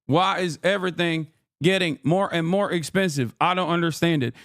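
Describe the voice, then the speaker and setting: Man, streamer, exasperated political rant, profane, sarcastic, high voice, dry close sound. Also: normal speed, fairly bright tone, no echo. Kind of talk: ranting political commentary.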